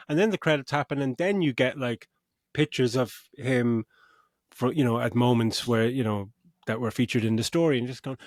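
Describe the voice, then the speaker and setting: A man co-hosting a casual film review podcast, mid-pitched and recorded dry and close. He talks loosely, swearing freely and laughing often. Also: brisk, darkish tone, dry recording. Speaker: podcast co-host.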